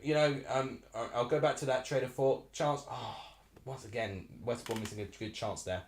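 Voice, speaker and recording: A man's voice: medium pitch, normal speed, vocal fry, roomy sound, a little hiss or hum. A young man from Essex in his twenties, hosting a live football watchalong and chatting in a rambling way as he reacts aloud to the match. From Essex, England. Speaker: live stream host.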